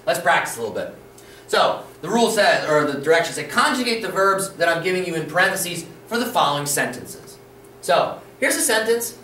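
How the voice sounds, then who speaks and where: A man's voice: sits high, big pitch swings, fairly quick, pushed and bright, far from the mic. A man teaching a video language lesson, patient and encouraging, often checking in with "okay?" as he repeats the rules. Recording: roomy echo, voice a bit off-mic, faint room noise.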